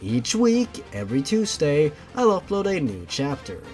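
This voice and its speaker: Man, sarcastic comedic reader, lively swooping delivery, slightly high voice. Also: unhurried, faint music behind. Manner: sarcastic, deadpan. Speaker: host reading a fan story aloud. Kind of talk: mock-serious comedic reading.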